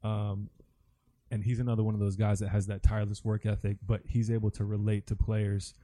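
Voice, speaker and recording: A man's voice: fairly low pitch, level tone, brisk, warm tone. A man, a former basketball player, talking casually and earnestly about basketball on a sports talk show.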